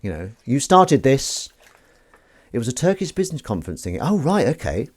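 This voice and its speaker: A man's voice: medium pitch, big pitch swings, moderate pace, a little hiss or hum. A man hosting a live stream, chatting casually, joking and playing mock-outrage at the chat's comments. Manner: jokey, rambling, mock-outraged at chat.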